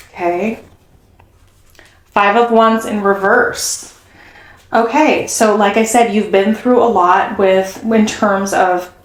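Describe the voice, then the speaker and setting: A woman of middle pitch giving a casual tarot reading, talking in a chatty, effusive way. She is recorded in a room with noticeable echo, so her voice rings off the walls. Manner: chatty and effusive, gasps and acts out quotes. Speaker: tarot reader. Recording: echoey room.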